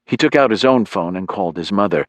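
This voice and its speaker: Male audiobook narrator, low-pitched, lively delivery, very dry close mic. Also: fast, no room sound. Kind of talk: scripted narration.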